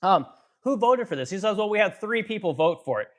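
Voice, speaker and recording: Livestream host, male, 40s, from Missouri; profane, heated rant, somewhat high voice. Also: sing-song, a little fast. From Missouri, USA. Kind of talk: political rant and chat reading.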